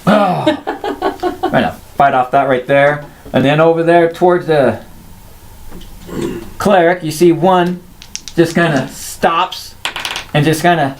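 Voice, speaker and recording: A man narrating as dungeon master, describing combat in quick bursts with sudden jumps in pitch. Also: a little hiss or hum. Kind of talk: narrating a tabletop game.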